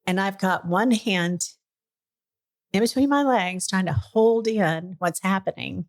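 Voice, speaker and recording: A middle-aged woman hosting a podcast, telling a personal story in casual chat, lively and earnest, at times emotional. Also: mid-range voice, measured pace. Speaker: podcast host.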